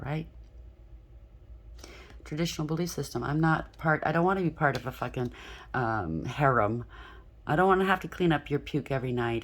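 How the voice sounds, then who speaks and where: A woman's voice: low-pitched, slight background noise. A woman doing a collective tarot reading, talking bluntly and frankly, often checking in with "okay?". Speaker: tarot reader.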